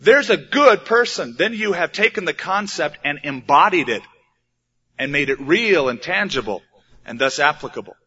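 Pastor, male, plain-spoken sermon delivery with rhetorical questions; forceful tone, muffled lo-fi recording. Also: fairly high pitch, lively intonation, moderate pace, husky. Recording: dull lo-fi recording.

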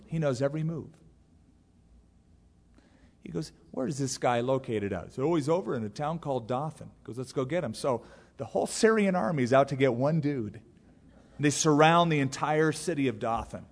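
A man preaching a sermon as a pastor, telling the story in a lively way and briefly acting out the characters' lines. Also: a little high. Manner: animated storytelling, acting out the characters in quick voices. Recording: long hall reverb.

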